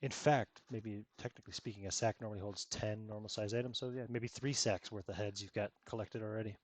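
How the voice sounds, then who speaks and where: A man's voice: lowish voice, steady tone, a little fast. A man running a tabletop role-playing game, narrating in a casual, laid-back way and laughing often. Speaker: game master.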